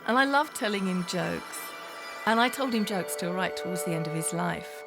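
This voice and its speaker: A woman's voice: lowish voice, expressive, moderate pace, vocal fry, music in the background. A middle-aged woman telling a personal memoir in an intimate spoken-word style, often dropping to a whisper.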